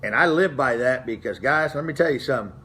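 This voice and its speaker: A man's voice: medium pitch, expressive, fast talker, pushed and bright. A middle-aged man, telling racing stories from his past in a folksy, rambling way, full of restarts. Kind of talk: casual storytelling to camera.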